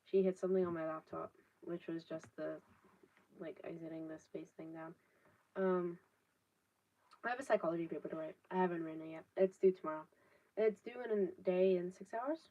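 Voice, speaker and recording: A woman's voice: lowish voice, a little fast. A 19-year-old woman, chatting casually on a live stream, rambling with lots of fillers and casual swearing. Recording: distant, dull laptop audio.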